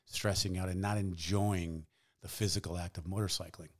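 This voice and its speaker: Low-voiced man, measured and reflective. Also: steady tone. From United States. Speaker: guest, public defender. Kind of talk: casual podcast chat.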